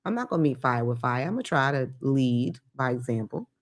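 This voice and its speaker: A woman's voice: a bass voice, sing-song, brisk. A woman hosting a podcast, telling a blunt, profane rant in a comedic monologue. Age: adult with grown children. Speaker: podcast host.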